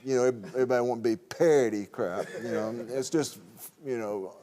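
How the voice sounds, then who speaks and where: A former player speaking haltingly, repeating phrases as he searches for words. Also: medium pitch, dark tone, big-room sound.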